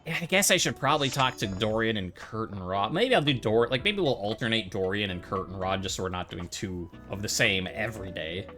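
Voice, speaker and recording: Male game streamer, fairly low and bright, loose rambling commentary, faint game music behind. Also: lively intonation, brisk, few pauses. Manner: casual, rambling, thinking aloud. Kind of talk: let's-play commentary.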